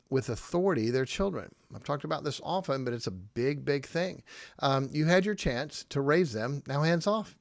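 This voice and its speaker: A man's voice: mid-range voice, no echo, clean studio sound. A middle-aged man, a pastor, giving casual podcast teaching in a conversational, emphatic way, often checking in with "okay?".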